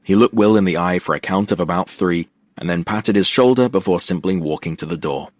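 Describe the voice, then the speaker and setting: A man with a very low voice reads a first-person romance novel with wry, expressive timing. The recording is dry and close, with no room sound. His storytelling stays lively across voices. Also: fairly quick, dry recording. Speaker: audiobook narrator. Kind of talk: first-person scripted narration.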